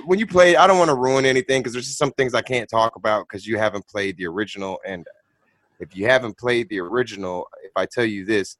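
A man in casual conversation with a lively, swooping pitch and an emphatic, joking manner. He laughs easily and leans on "man" and "dude" as he talks. The recording is dry and close, with little room sound. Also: no echo. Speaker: podcast co-host. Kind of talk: casual chat.

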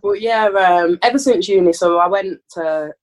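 Brummie woman in her 30s, podcast guest, mid pitch, talks it through slow and thoughtful. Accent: Birmingham. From England, Birmingham. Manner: reflective, measured storytelling. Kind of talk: casual chat.

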